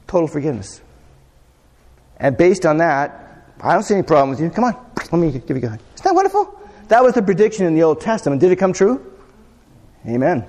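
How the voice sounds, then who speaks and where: A man's voice: sits high, darkish tone. Man preaching in a reverberant hall. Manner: conversational, asks the congregation questions. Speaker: pastor. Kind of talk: sermon.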